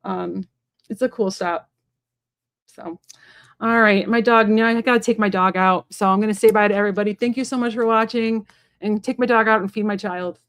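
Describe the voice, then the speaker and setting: A woman's voice: mid-range voice, steady tone, normal speed, a bit bright, no room sound, clean studio sound. A woman in her thirties from Kansas, hosting a casual tarot livestream, chatty and rambling with lots of fillers and asides.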